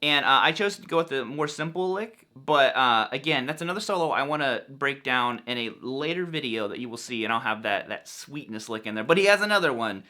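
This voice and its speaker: A man's voice: mid-range voice, expressive, a little fast, hardly any pauses, pushed and bright. A man teaching a casual guitar lesson, enthusiastic and chatty, sometimes tripping over his words. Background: electric guitar playing.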